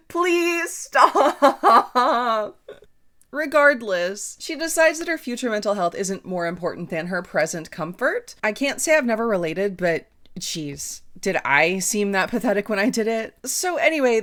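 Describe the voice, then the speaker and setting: A woman from the American South recapping a romance novel in a casual, sarcastic commentary with wry asides. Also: medium pitch. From Southern United States. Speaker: book reviewer.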